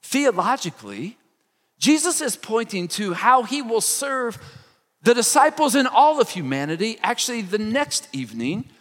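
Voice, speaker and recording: Lively high-voiced man preaching. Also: moderate pace, long reverb tail. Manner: expressive preaching, acts out quoted lines. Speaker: pastor. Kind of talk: sermon.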